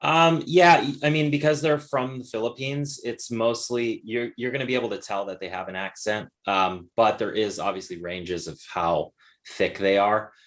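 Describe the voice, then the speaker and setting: A man hosting a casual webinar over a video call, answering questions in a relaxed, encouraging way with lots of "like" fillers. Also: fairly low pitch, moderate pace. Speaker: webinar host and course instructor. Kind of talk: casual Q&A chat.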